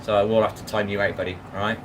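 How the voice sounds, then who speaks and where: A man's voice: on the low side, level tone, rapid-fire, a bit bright, slight background noise, low-quality recording. A man chatting bluntly with his live chat while washing up, often asking if you know what he means. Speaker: live streamer. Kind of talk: casual live-stream chat.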